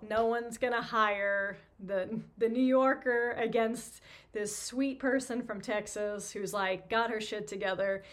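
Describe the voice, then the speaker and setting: A woman hosts her own podcast. She tells a story from her career in a chatty, self-deprecating way, full of fillers and asides. Her pitch sits in a middling range for a woman. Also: fairly even intonation, measured pace, a bit bright. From New York. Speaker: podcast host, physical therapist. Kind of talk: casual storytelling monologue.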